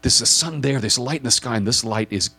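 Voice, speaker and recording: Husky man preaching a vivid scene. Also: medium pitch, brisk, sharp tone. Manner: vivid second-person storytelling; repetitive, building intensity. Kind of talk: guided scripture visualization.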